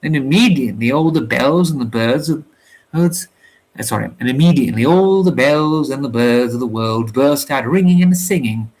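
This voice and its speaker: A man's voice: mid-range voice, normal speed. Man reading a story aloud. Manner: lively storytelling with small slips. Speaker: story reader.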